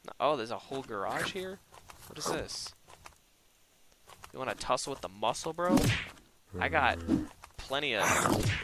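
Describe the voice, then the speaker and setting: A man's voice: medium pitch, animated, moderate pace, pauses often, noisy background. A young man giving casual, jokey commentary on his own gameplay, talking to himself with sudden exasperated outbursts. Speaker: gaming YouTuber.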